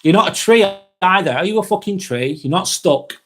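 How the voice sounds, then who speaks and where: With a voice that sits high and sounds expressive, this Lancashire man talks at a moderate pace on his laid-back livestream. He chats with viewers, responds to their comments, curses liberally, and frequently starts his sentences over.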